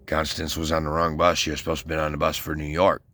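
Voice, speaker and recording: A man from Westland, Michigan, US, rambles casually through a long, profane story about his military service, full of fillers and restarts. His voice is extremely low and monotone, fast, pushed, and bright.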